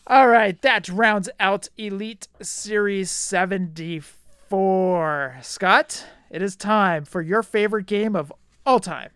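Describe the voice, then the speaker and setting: A man's voice: sits high, takes it slowly, a bit bright, clear, resonant tone, dry recording. Dry-voiced man reading prices. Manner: matter-of-fact, teasing, laughs often. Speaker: host. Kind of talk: casual podcast chat, reading listings.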